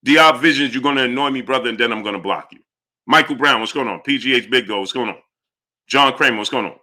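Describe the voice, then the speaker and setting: A man's voice: medium pitch, pushed and bright. A man hosting a livestream, reading out chat names and arguing heatedly with viewers in a lecturing tone. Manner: rapid greetings to chat names between rants. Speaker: livestream host answering chat. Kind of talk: live-stream commentary reading chat.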